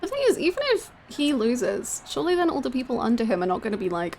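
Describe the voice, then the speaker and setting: A young woman streaming a game live, reacting casually and playfully with frequent laughter and mock pirate yells. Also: on the high side, sing-song, quick pace, creaky, a little hiss or hum.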